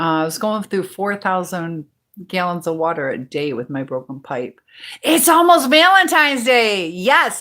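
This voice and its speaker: A woman hosting a casual livestream from home, chatting in a rambling way and reading viewer comments out loud. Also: fairly low pitch. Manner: chatty and rambling, full of fillers. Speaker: livestream host.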